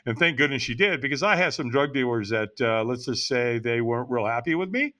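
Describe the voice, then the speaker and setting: A man's voice: medium pitch, animated, fairly quick, bright, forceful tone. A man in his sixties telling his life story as a podcast guest, frank and blunt with casual swearing. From United States. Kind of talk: candid personal storytelling.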